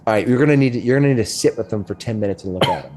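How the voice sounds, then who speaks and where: A middle-aged man narrating as game master, describing rooms in a halting way with many restarts. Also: lowish voice, a little mellow, a little hiss or hum.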